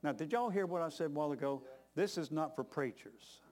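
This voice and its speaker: A man preaching from the pulpit, his voice sitting a little higher than most men's. He tells his sermon as a homespun story, dropping an "amen" every few breaths. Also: brisk, darkish tone. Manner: folksy, peppers talk with "amen".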